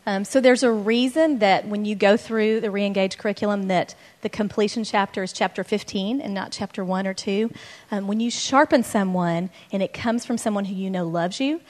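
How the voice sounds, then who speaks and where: A woman's voice: medium pitch, moderate pace. Earnest woman co-teaching about marriage. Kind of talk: conversational teaching talk.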